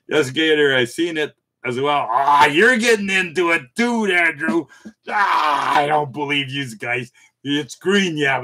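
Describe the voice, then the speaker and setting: A man's voice: mid-range voice, a bit bright. A middle-aged man hosts a casual live stream from his home computer, chatting folksily with viewers, mocking himself and chuckling often.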